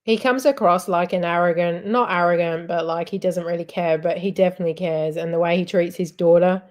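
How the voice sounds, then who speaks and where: A woman's voice: lowish voice, fairly even intonation, brisk, a little mellow. A woman hosting a casual live chat, rambling and giggling as she talks. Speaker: livestream host.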